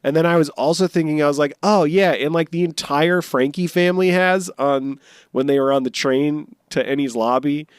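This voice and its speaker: Podcast co-host, man, smooth resonant voice, playful and rambling, dry close sound. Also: on the high side, normal speed, no echo. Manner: jokey, rambling, bursts into silly honking bits. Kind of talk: casual chat.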